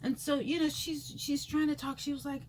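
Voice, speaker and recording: A woman vlogger telling a personal story in a casual, rambling way, full of fillers, her pitch leaping when she acts out reactions. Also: moderate pace, a little hiss or hum. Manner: chatty and rambling, full of "you know" fillers; animated, jumps high in pitch when acting out reactions.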